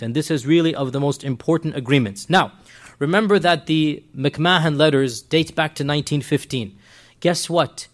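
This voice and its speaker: Emphatic man giving a history lecture. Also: on the high side. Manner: animated, emphatic, rhetorical questions to students.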